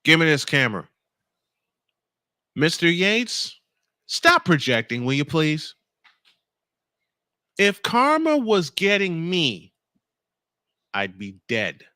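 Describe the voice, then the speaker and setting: A morning show host rants angrily on air at a critic, addressing him directly, reading comments aloud, and repeating phrases emphatically to drive his points home. His voice is a little high and forceful, bright, swooping wildly in pitch, delivered slowly with long pauses. The sound is clean studio audio with no room sound.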